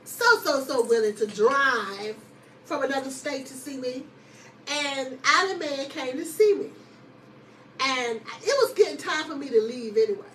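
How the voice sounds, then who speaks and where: A woman host casually telling a personal story to her listeners, lively and chatty, often laughing and calling them y'all. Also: high voice, a little slow, far from the mic, a little hiss or hum, poor audio.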